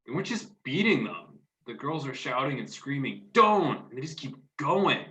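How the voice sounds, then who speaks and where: A man playing a rough, swearing young football fan in a staged play reading, telling of street fights. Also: mid-range voice, normal speed. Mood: shaken. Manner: rough, profane, excited storytelling. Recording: roomy echo.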